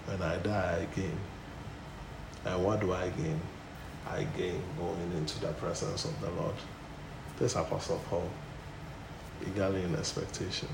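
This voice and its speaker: Gravelly-voiced preacher in an echoey room. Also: male voice, little pitch movement, a little slow, long pauses. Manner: emphatic, rising to loud bursts then dropping low. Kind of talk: sermon. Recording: echoey room with faint noise.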